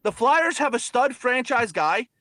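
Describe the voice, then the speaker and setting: A young man hosting a sports talk show rants about his team with anger and profanity, repeating himself again and again in a heated sports talk tirade. His voice is very high with wide pitch swings, a measured pace, and a sharp tone, captured in a dry recording.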